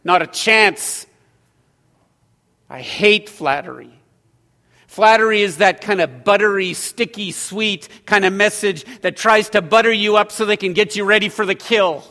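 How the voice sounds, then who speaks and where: A middle-aged male pastor preaching a sermon, swinging from loud emphatic lines to hushed ones. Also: sits high, unhurried. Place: church sanctuary. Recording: long hall reverb.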